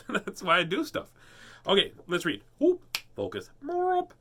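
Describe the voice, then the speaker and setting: A man's voice: high-pitched, huge pitch swings, a little slow, sharp tone, slightly rough. A man hosting a casual live read-aloud of children's books, playful and goofy, often laughing at himself. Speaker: host reading children's books.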